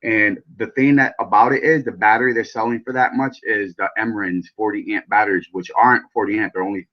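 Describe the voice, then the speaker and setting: A man with a fairly low voice hosts his own vaping channel, chatting loosely with viewers. He rambles from one thought to the next and swears freely. The sound is muffled and lo-fi. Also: fairly even intonation, a little fast. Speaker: vape channel host. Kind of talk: casual live chat while building coils.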